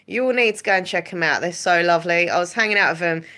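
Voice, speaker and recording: A woman hosts a relaxed livestream and chats to her viewers, rambling from one story to the next and greeting people by name. Her voice sits a little low, yet it has a bright, forceful edge. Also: fast. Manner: chatty, giggly, rambling, greets chat by name. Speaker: livestream host and ASMR creator. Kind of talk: casual livestream chat with viewers.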